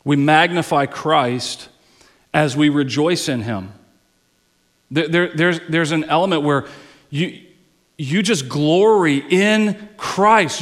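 A man preaching in a church sanctuary, his voice sitting high for a man and ringing out into a long hall reverb. He takes his time, rising into emphatic swells and sinking to quiet, low phrases. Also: slow, pauses often. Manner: repeats words and restarts phrases. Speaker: pastor. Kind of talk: sermon.

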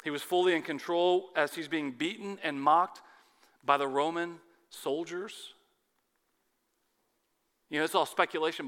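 Bright-voiced preacher man in a reverberant hall. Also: a little high, steady tone, unhurried, long pauses. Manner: dramatic, swings from loud urgency to hushed intensity. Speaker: pastor. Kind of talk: sermon.

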